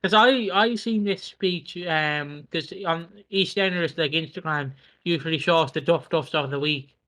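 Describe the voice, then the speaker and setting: A man co-hosting a podcast in casual chat, animated and sweary, recapping events with acted quotes. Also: a little high, measured pace, poor audio. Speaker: podcast co-host.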